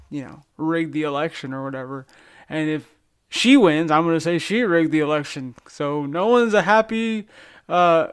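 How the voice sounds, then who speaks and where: A man's voice: fairly high pitch, clean tone. A man hosting a podcast, chatting casually, rambling and telling jokes. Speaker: podcast host. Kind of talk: casual chat.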